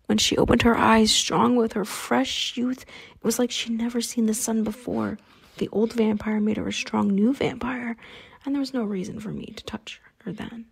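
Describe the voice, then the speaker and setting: A woman reading an audiobook, voicing a cruel male vampire hunter who speaks in a soft, pleasant, taunting way. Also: fairly high pitch, fairly even intonation, normal speed, creaky, breathy edge, exaggerated voice.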